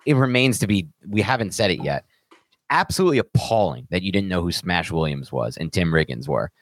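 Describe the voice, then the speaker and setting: A man co-hosting a podcast, giving advice and teasing his co-host with animated opinions. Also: deep voice, a little fast, no room sound. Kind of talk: casual chat.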